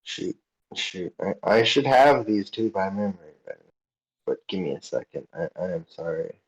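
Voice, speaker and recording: A man's voice: low-pitched, sing-song, normal speed, breathy edge, low-quality recording. A man playing a character in a tabletop game, stammering and repeating words as he talks. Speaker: player.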